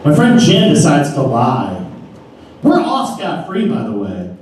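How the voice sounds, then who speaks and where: Man, live comic storyteller, casual and profane, animated pitch, distant, very echoey room. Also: a little slow, a little hiss or hum.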